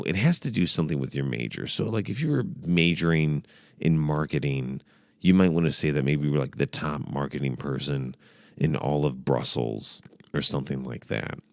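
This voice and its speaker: A man hosting a comedy show, giving sarcastic, profane advice in a rambling, animated way. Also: very deep voice, vocal fry, no echo, studio quality. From United States. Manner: sarcastic, profane, animated, puts on mock accents. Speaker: comedy podcast host.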